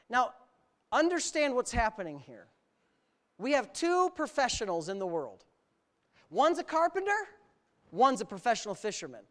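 A male pastor preaching an animated sermon, exclaiming often and laughing through his stories. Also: extremely high pitch.

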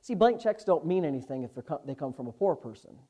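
A male pastor, preaching a Bible lesson, slowing down and swelling in volume when he quotes scripture. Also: fairly high pitch, lively intonation, warm tone. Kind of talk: sermon.

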